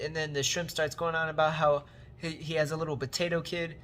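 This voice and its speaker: A man's voice: on the high side, flat delivery, a little fast, a bit bright, a little hiss or hum. A man giving a casual comedic recap of a movie, rambling in slang and repeating catchphrases. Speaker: movie reviewer.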